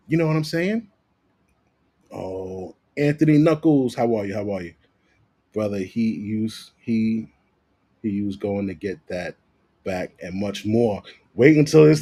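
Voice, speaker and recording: Husky man, lively sports vlog rant, swears a lot, circles back on phrases. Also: fairly low pitch. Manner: animated, profane, repeats himself. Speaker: sports commentator vlogger. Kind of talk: casual ranting commentary.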